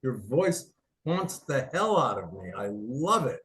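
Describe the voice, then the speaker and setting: A man from the United States hosting a casual interview, enthusiastic and rambling, quick to laugh. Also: mid-range voice, very animated, a bit bright. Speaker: podcast host.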